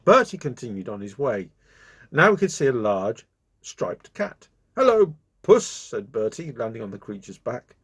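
Animated male children's storyteller. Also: mid-range voice, normal speed, slightly rough.

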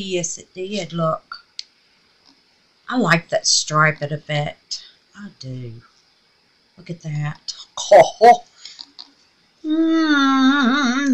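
A woman's voice: fairly low pitch, fairly bright tone. A woman with a slightly scratchy voice, chatting casually and gushing as she walks viewers through a craft project. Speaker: resin craft vlogger. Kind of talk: casual crafting tutorial chat.

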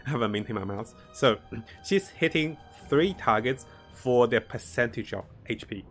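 A man commentates his own strategy game live, musing over each move aloud and chuckling at his luck. His pitch sits in an everyday middle range. A soft music bed plays quietly behind him. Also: lively intonation, normal speed. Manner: thinks aloud, chuckles often, greets viewers. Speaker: game streamer.

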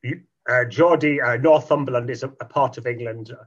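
A man in an online talk explains things in a measured way. His voice is husky, and his audio sounds dull and lo-fi. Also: medium pitch. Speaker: participant.

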